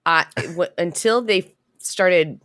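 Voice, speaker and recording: Slow, deep-voiced woman co-host. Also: a bit bright. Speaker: podcast co-host. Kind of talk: casual podcast chat.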